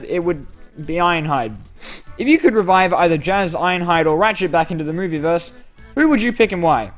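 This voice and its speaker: A man's voice: high-pitched, brisk, soft background music. A young man hosting a casual fan Q&A, reading questions aloud and answering in a rambling, self-deprecating way. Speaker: YouTube channel host answering fan questions.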